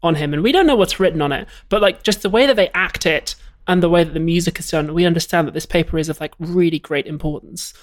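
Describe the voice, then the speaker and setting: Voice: mid-range voice, fast. A podcast co-host recapping a film's plot in a wry, casual chat.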